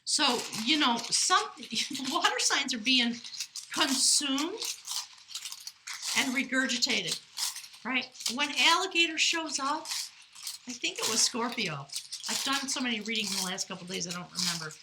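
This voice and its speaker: A woman with a high voice and lively intonation gives a casual spiritual tarot reading at an unhurried pace over a noisy background. She reads rune meanings aloud, then drifts into chatty, lighthearted asides, earnest yet laughing easily.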